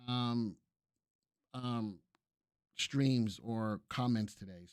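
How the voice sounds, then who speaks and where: A man's voice: medium pitch, no room sound, studio quality. A man hosting a live stream about the stock market, who chats with viewers, greets them by name and cracks jokes.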